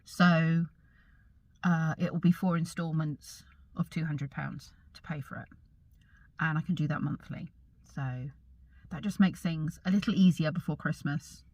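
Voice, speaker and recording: A middle-aged woman vlogging in a chatty, rambling way, pausing to search for words and correcting herself as she talks. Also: deep voice, fairly even intonation, darkish tone, no echo. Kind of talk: casual chat to camera.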